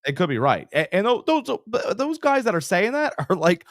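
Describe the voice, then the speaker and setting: A man co-hosting a casual sports podcast, his pitch swinging widely as he spins stories. He trails off and restarts often. The sound is dry and close to the mic. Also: normal speed, no room sound. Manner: animated storyteller, trails off and restarts.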